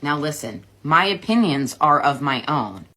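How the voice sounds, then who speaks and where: Woman putting on a very deep smug lady voice, defensive, swinging pitch, bright edge. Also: very animated, a little slow, a little hiss or hum, full character voice. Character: smug, defensive woman caught posting cruel video.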